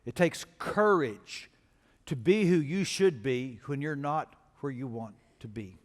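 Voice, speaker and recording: A man's voice: medium pitch, expressive, a little slow. A male pastor preaching a sermon in a large church auditorium, telling stories and building to emphatic calls to action. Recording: long reverb of a large church hall.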